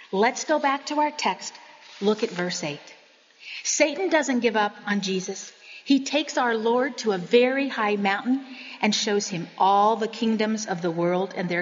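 A woman's voice: mid-range voice, expressive, a little slow, big-room sound, muffled recording, slight background noise. A woman giving an earnest, sermon-style Bible teaching, telling personal stories.

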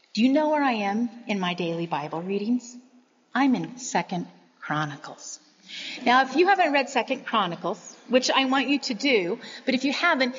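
A woman's voice: a little high, in a large hall, lo-fi sound. A woman giving an earnest, sermon-style Bible teaching, telling personal stories.

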